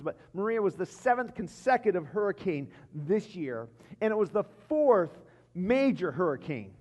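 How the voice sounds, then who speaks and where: A high-voiced man preaches a sermon, telling his stories in bursts and often restarting his phrases. His voice rings out through a church sanctuary with a long, lingering reverb. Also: a little mellow. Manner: storytelling with frequent restarts. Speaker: pastor.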